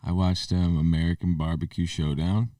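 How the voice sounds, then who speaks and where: A man's voice: deep voice, little pitch movement, moderate pace, dark tone, no echo, clean studio sound, distant mic. A man co-hosting a casual podcast, joking but earnest and open about his feelings. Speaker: podcast co-host.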